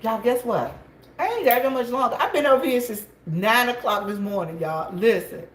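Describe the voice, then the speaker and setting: A woman chatting casually to her viewers from a gas station store, gossipy and quick to laugh. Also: on the high side, lively intonation. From South Carolina, USA. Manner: chatty and gossipy, laughs often, calls out loudly to coworkers. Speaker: vlogger. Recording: echoey room, faint background noise.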